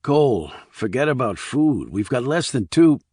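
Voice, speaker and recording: A man reading the part of a calm, blunt male army investigator, terse and level. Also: medium pitch, moderate pace, breathy edge, no room sound, studio quality. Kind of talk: audiobook character reading.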